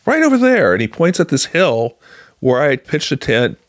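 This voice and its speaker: A man in his thirties or older from Illinois, telling a personal faith story casually, halting with fillers and restarts. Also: medium pitch, animated, no echo, studio quality. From Illinois, USA. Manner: conversational, halting with fillers and restarts, voices other people in quotes.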